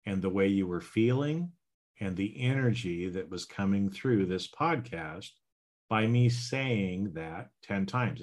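Slow, easygoing man hosting a self-help podcast. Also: on the low side. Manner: slow, repeats "right?" and "okay?"; folksy and plain-spoken. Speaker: podcast host, healing coach.

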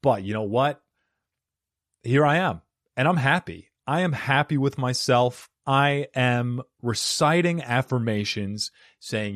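A man's voice: medium pitch, expressive, normal speed, no echo. A man hosting a comedy podcast, joking and self-deprecating as he talks casually into a studio mic. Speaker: podcast host. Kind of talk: casual podcast intro and chat. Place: home studio in Arizona. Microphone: studio microphone.

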